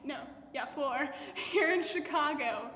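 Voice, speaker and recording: A young college woman with a high voice tells a story with bubbly energy, leaning on "like" every few words. The room echoes around her, with a long reverb tail. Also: slow, fairly bright tone, a little hiss or hum. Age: young adult. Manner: bubbly storytelling, heavy use of "like". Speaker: college student vlogger. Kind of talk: casual chat. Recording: roomy echo with long reverb.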